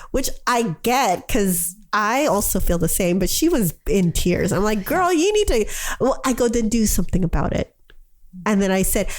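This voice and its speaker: With a medium-pitched, slightly mellow voice, this fortyish podcast co-host keeps things casual. She's a chatty storyteller who performs the quotes she relays.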